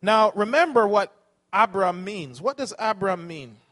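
A man's voice: sits high, animated, a little slow, fairly bright tone. A man preaching a sermon, asking the congregation questions and correcting himself as he teaches.

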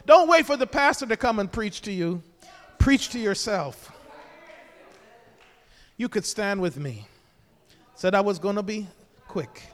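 A man as pastor delivering an impassioned sermon with hallelujahs, swinging between hushed, intimate lines and loud exhortation. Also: sits high, animated, unhurried, long pauses. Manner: repetitive call-and-response preaching with hallelujahs. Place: church sanctuary. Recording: long church hall reverb.

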